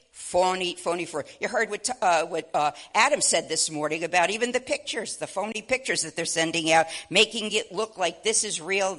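An older woman preaching a sermon, impassioned, swinging between loud exclamations and low asides. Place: church.

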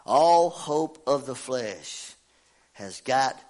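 A middle-aged man, preaching and telling a homey story in a folksy, animated way, his voice congested from a cold. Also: medium pitch, very slow. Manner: folksy, animated, laughs at himself. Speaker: pastor. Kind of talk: sermon with personal story.

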